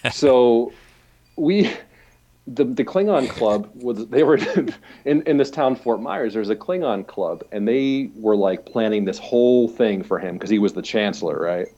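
A man's voice: medium pitch, lively intonation, a little slow, dark tone, lo-fi sound. A man telling rambling stories in casual chat, full of fillers, laughing often and mimicking the people he describes. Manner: rambling anecdotal storytelling with many fillers.

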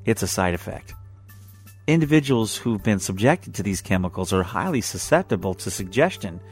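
A man voicing a calm, polite woman ship's doctor speaking in a clinical way. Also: lowish voice, moderate pace, husky, soft background music.

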